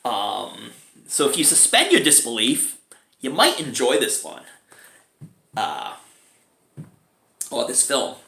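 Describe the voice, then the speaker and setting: A man's voice: medium pitch, huge pitch swings, slow pace, gravelly, pauses often, bright, forceful tone. A man casually reviewing a movie, chatty and chuckling often as he talks. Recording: roomy echo.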